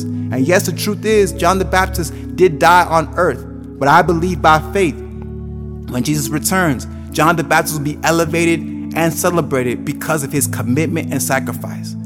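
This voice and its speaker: A man's voice: fairly high pitch, in a large hall. A man in his twenties preaching a sermon with a passionate, sing-song cadence that rises and falls. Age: 20s.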